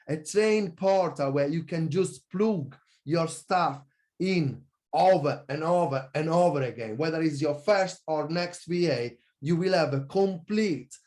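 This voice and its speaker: Passionate man pitching a coaching course. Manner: energetic, passionate, competitive, self-correcting. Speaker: online business coach. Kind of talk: sales pitch presentation.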